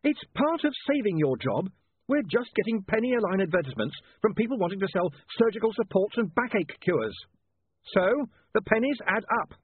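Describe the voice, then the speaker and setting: A man voicing a sharp-tongued young woman reporter who scolds in a raised voice, husky and tinny. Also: sits high, sing-song, moderate pace, pitched above the performer's own voice, heavily acted. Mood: insistent. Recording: tinny dry lo-fi audiobook recording.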